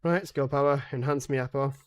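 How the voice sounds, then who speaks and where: A young man streams a game live, rambling casually to his teammates with free swearing and sarcasm. His mid-range voice holds a steady tone and runs a little fast.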